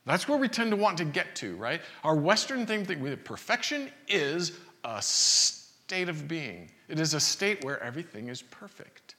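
A man preaches with a lively, bright voice that rises and falls through rhetorical questions, often restarting his sentences as he talks. His voice carries through a reverberant hall. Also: fairly high pitch, moderate pace. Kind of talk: sermon.

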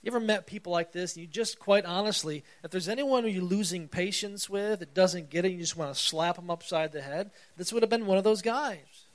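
Guy preaching a sermon, chatty and easygoing, slightly higher voice, reads the bible out loud with some punch. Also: brisk, few pauses. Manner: conversational, reads scripture aloud with rising emphasis. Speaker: pastor.

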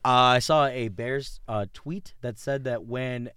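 A young man co-hosting a podcast, chatting casually and excitedly about football, laughing often and trailing off mid-sentence. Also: mid-range voice, unhurried, clear, resonant tone, no echo, clean studio sound. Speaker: podcast co-host. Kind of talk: casual sports chat.

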